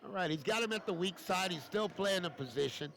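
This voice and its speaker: High-voiced chatty basketball commentator. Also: male voice, expressive, brisk, fairly bright tone. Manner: folksy, chatty, repeats phrases. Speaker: play-by-play commentator.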